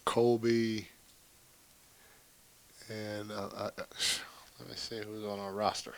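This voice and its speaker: A man's voice: fairly low pitch, clear, resonant tone. A man, a basketball head coach, answering at a post-game press conference in a candid, rambling, chatty way with small laughs.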